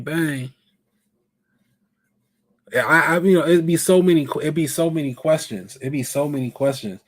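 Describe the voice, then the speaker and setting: A man's voice: mid-range voice, a little mellow, dry recording, studio quality. A man hosting a live stream show, chatting casually and animatedly and asking his viewers questions.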